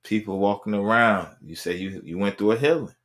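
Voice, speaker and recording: Low-voiced guy hosting a podcast, laid-back encouraging chat, keeps repeating himself. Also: a little fast, a bit bright. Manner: encouraging, repeats affirmations like "right". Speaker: podcast host. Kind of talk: casual interview chat.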